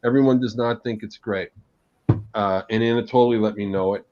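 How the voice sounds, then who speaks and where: A man, a guest agile coach, telling an animated anecdote during a live panel talk. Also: fairly low pitch, normal speed. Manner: animated, vivid anecdotal delivery. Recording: dull lo-fi sound.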